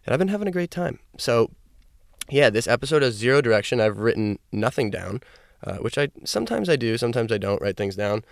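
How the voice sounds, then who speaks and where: Gravelly-voiced young man rambling on a podcast. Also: mid-range voice, sing-song, a little fast, dry recording, clean studio sound. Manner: loose, chatty, swears freely. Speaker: podcast host. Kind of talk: casual solo podcast rambling. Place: parked car. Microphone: podcast microphone.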